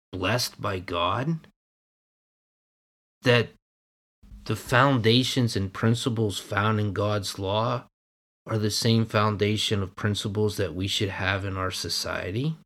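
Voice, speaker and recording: A man preaching a sermon in a measured, emphatic way, leaning hard on key words. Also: on the low side, fairly bright tone.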